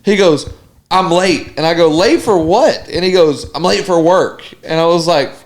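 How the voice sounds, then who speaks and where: A man's voice: a little high, normal speed. A man, co-hosting a podcast and telling a story in casual chat, acting out the voices of the people in it. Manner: animated, mimics voices in stories. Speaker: podcast co-host.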